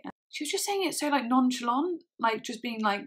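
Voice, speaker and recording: A woman in her twenties telling a personal story on her channel, halting, with many fillers and restarts. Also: fairly high pitch, expressive, slightly rough. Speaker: vlogger. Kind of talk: casual storytelling.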